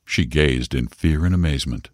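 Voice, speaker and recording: A man narrating a story in a measured, dramatic way, slowing down for suspense. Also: a bass voice, no echo, studio quality.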